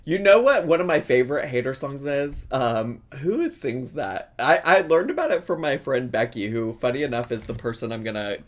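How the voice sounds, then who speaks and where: A man's voice: medium pitch, normal speed, hardly any pauses. A man commenting on a video in a casual, joking way, often breaking into laughter. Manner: animated, joking, bursts of laughter. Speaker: reaction vlogger.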